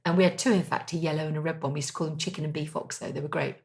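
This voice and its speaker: A middle-aged woman co-hosting a casual kitchen-table chat, telling animated stories and laughing often. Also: sits low, rapid-fire. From England. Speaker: podcast co-host.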